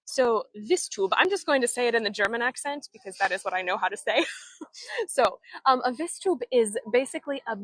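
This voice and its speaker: This woman has a slightly high voice and the recording has no echo. She's outdoors in an old town, casually guiding a live-streamed walking tour and reacting to viewer comments with her camera in hand, which is a phone or handheld camera she swivels as she moves.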